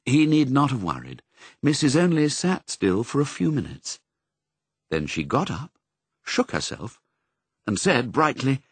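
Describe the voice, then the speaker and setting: Expressive husky male storybook narrator. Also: mid-range voice, unhurried, pauses often, no echo. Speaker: audiobook narrator.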